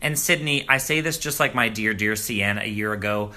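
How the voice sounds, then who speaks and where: A man giving a casual, gossipy recap of a reality dating show, sometimes jumping up high in pitch to mock the contestants. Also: normal speed. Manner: animated, gossipy, swings into high mocking quotes. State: groggy morning voice. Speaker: recap vlogger. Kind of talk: casual commentary.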